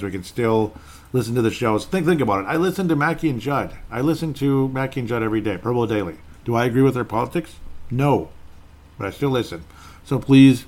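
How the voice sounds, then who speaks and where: A man's voice: on the low side, darkish tone. A man hosting his own podcast solo, talking in a rambling, conversational way that circles back and repeats itself. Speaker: podcast host. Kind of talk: casual solo podcast talk.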